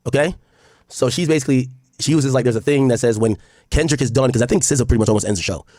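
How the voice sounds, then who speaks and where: A man's voice: mid-range voice, racing, darkish tone, no echo, clean studio sound. A man streaming casual commentary to his chat, reading posts aloud and reacting bluntly, with frequent profanity.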